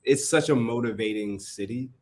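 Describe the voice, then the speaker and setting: A man from New Jersey, in his thirties, chatting in an interview about his path as a performer, relaxed and full of stories. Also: normal speed. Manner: relaxed and storytelling, acts out quotes with sudden high voices. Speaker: interview guest, writer and actor. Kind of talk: casual interview chat.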